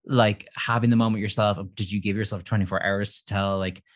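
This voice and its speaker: A man's voice: lowish voice, fairly even intonation, a little fast. An Irish man in casual chat, playful and teasing with jokey asides. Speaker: podcast guest.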